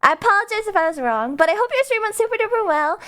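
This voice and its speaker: A woman streamer chatting casually with her viewers, bubbly and rambling, with quick asides and giggles. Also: very high voice, sing-song, fairly bright tone. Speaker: VTuber streamer.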